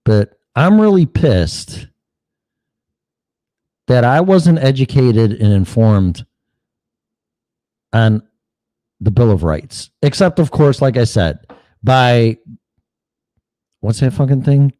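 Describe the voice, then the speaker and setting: A man rants through a solo political show, blunt and profane, mocking the other side. His pitch swings widely, his tone is mellow and dark, and the sound is dry and close. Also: very animated, slow pace, pauses often, no room sound. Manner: blunt, heated, swears often, mocks opponents in put-on quotes. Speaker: podcast host.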